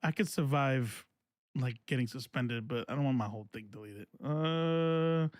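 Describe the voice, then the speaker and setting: A man's voice: medium pitch, moderate pace, no room sound, clean studio sound. A man hosting casual political commentary, talking in a rambling, profane way with many fillers and restarts. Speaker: host.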